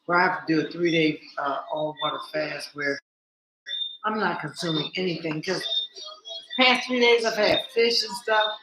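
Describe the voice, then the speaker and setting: A woman vlogging in a casual monologue, animated and blunt, cursing freely and talking straight to her viewers. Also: fairly low pitch, moderate pace, echoey room, low-quality recording.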